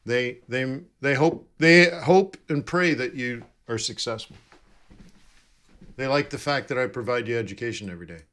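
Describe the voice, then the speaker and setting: A man of medium pitch and fairly bright tone talks at normal speed while hosting a live trading stream. He's chatty and playful, reading out the chat and answering viewers.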